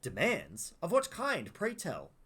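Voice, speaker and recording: An Australian man voicing a dry, sarcastic gentleman adventurer. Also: on the high side, wildly swooping pitch, takes it slowly, husky, heavily acted. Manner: dry, mock-polite delivery. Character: wry, refined male adventurer, dryly sarcastic.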